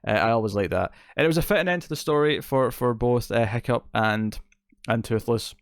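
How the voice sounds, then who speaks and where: Smooth-voiced man reviewing movies. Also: medium pitch, fairly quick, no echo, studio quality. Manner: enthusiastic, rambling with fillers and restarts. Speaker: film reviewer, show host. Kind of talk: casual spoken movie review.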